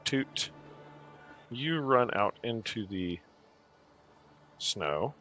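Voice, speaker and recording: A man's voice: mid-range voice, lively intonation, very slow, bright, forceful tone, faint music behind. A young man narrating a tabletop game as game master, rambling with many fillers.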